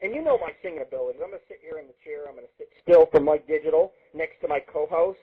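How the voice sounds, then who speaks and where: Talking very fast with lively intonation and a slightly high, breathy voice, a man hosts an internet radio show from a home studio. He rambles through a profane, crude comedic rant, swearing constantly, on a tinny lo-fi stream that sounds like a phone.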